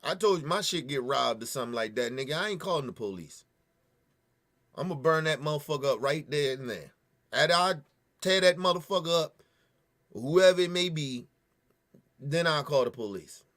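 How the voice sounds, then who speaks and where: A man's voice: on the high side, animated, moderate pace, long pauses, a bit bright. A man hosting a show, angrily ranting and cursing as he reacts to a news clip, sniffling at times. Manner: angry, profane, ranting. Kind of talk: heated commentary.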